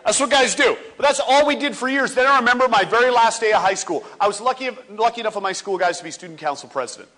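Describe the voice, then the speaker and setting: High, bright-voiced man on stage. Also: fast talker, hardly any pauses. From Ontario, Canada. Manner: animated, acts out voices and scenes for laughs. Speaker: motivational speaker. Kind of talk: comedic speech on stage. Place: stage before a live audience.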